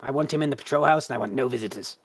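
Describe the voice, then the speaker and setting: A man's voice: mid-range voice, racing, slightly rough, no echo, close to an everyday voice. A man voicing a stately older woman who leads zealots, gracious and commanding.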